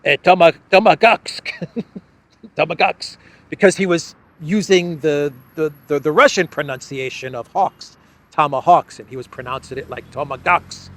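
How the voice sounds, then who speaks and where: A man hosting a political commentary show, speaking in a sardonic, halting way and chuckling often as he talks. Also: a little high, fairly bright tone. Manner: halting, many restarts. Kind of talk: casual news commentary.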